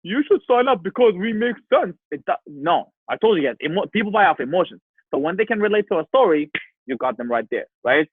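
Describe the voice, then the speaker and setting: A man with a fairly high voice leads an emphatic sales training, repeating his key points and checking in with "right?". The sound is tinny and narrow like a phone line, with no room echo at all. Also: sing-song, fairly quick, husky. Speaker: team leader giving a sales training. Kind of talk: motivational sales training talk.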